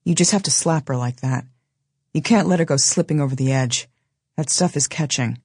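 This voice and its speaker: Woman doing a defiant young woman, hard and intent, commanding, husky, dry close sound. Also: deep voice, normal speed, a little mellow, no echo. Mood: impatient. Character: tough, defiant young woman, blunt and urgent.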